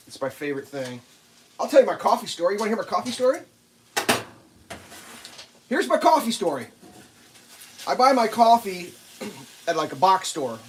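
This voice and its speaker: Against a noisy background, a slightly high-voiced man from the central US chats casually on a livestream while cooking breakfast at home. He rambles and addresses his dog along the way.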